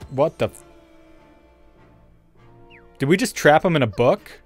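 A man's voice: medium pitch, animated, a little slow, long pauses, darkish tone, soft background music. A man giving casual gameplay commentary, swearing often and joking through his frustration. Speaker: let's play gamer.

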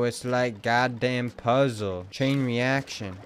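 A young man streaming a video game, reacting loudly with swearing and sudden shouts of surprise, sometimes reading game lines aloud flatly. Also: mid-range voice, normal speed, smooth, faint music behind. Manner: reads game dialogue aloud in a flat voice.

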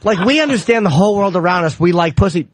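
A male radio host riffing through raunchy comedic banter, laughing often and bursting into shouted mock voices. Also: high voice, animated, quick pace, slight background noise.

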